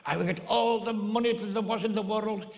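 A man's voice: sits high, fairly even intonation, a little fast, creaky, voice pushed up. A man putting on the voice of a little old Irishman with an Irish accent, who keeps repeating himself as he rambles on. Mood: earnest. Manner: repetitive, stumbling over his words. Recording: long hall reverb.

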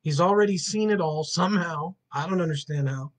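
A man teaching a Bible study and then praying, earnest and emotional, slowing down to lean on key words. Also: a little high.

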